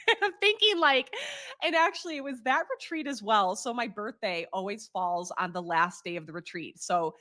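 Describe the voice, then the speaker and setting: A woman in her thirties, hosting a show and telling a candid personal story in a lively, casual way, laughing often and swearing freely. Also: mid-range voice, normal speed. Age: 30s. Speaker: podcast host.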